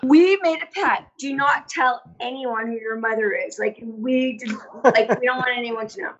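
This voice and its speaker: A woman's voice: a little high, normal speed. A woman as a podcast guest, telling stories in a chatty way with lots of "like" and restarts. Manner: chatty, storytelling with many fillers. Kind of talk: casual interview chat. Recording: dull lo-fi audio.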